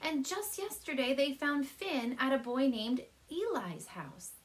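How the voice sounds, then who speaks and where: A woman reads a storybook aloud to children with a lively, swooping voice. She sits comfy on her couch at home and talks gently to the kids between pages. Her voice sits a touch high. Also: a little slow. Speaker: teacher reading aloud.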